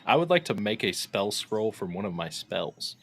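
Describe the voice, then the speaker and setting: A man's voice: lowish voice, sing-song, normal speed. A man playing a tabletop game, teasing and laughing with the group. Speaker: player. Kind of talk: casual tabletop play.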